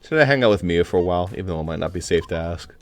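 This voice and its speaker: A man's voice: low voice, animated, racing, soft background music. A man hosting a game playthrough, reading the narration aloud with joking asides.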